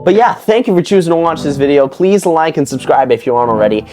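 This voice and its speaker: A young man hosts a reaction video, chatting casually and joking. His pitch jumps around a lot as he talks. Loud background music plays under his voice. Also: fast. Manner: chatty, animated, jokey. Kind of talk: casual chat.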